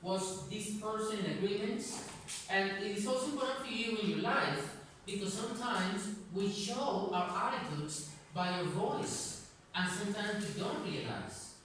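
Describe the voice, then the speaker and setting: A woman's voice: mid-range voice, lively intonation, normal speed, fairly bright tone. A woman teacher running an English lesson in a classroom. She asks many questions and often repeats words as she starts. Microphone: recording device at a distance. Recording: echoey classroom from far off.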